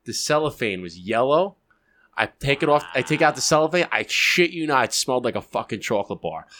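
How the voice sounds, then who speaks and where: New York co-host, mid-pitched, blunt and profane, easy chat. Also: male voice, sing-song, fairly quick, bright, forceful tone, slight background noise. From Queens, New York. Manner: blunt, swears freely, enthusiastic. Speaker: podcast co-host. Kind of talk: casual chat.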